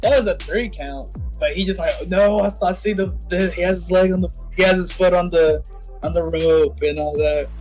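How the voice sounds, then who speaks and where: A young man co-hosting a podcast in casual chat, excitable and given to acting out quotes. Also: high-pitched, normal speed, faint music behind, rough recording. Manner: excitable, retells scenes in acted-out quotes. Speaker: podcast co-host.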